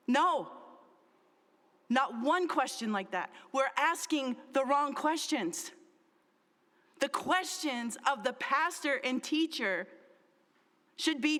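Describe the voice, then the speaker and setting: A middle-aged woman pastor delivers an earnest sermon, her voice sitting a little high. She speaks slowly and deliberately, leaning on repeated lines. Her words ring out with a long reverb, as in a church sanctuary. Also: animated, fairly bright tone. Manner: earnest, emphatic, with repeated phrases. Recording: long reverb of a large hall.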